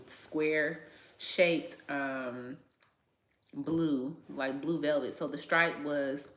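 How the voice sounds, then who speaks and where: A woman chatting casually and rambling to viewers on a livestream from her small salon. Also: low-pitched. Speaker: hairstylist and salon owner hosting a livestream. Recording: echoey salon room.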